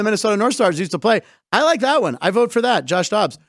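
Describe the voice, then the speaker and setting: Middle-aged guy hosting a goofy sports talk show, high voice, dry close sound, jokey and rambly. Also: very animated, no echo. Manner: joking, rambling, quick asides. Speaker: host. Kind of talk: casual comedic sports talk.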